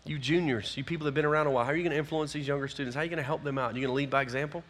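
Bright-voiced youth pastor. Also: male voice, fairly high pitch, rapid-fire. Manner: energetic, exhorting, folksy. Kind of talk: closing talk to a youth group.

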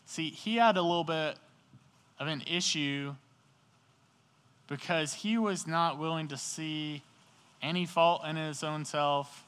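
A man's voice: fairly high pitch, expressive, slow, long pauses, fairly bright tone, clear, resonant tone. A man preaching a casual sermon to a youth group, telling the story in slangy, conversational speech and asking the audience questions. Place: indoor hall beside a sports field, rain outside. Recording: echoey hall.

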